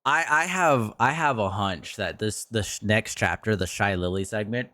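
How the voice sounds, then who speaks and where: A man's voice: lowish voice, normal speed, pushed and bright, no room sound, studio quality. A man who streams, ranting in a commentary video, frustrated and swearing often, his voice jumping up sharply when worked up.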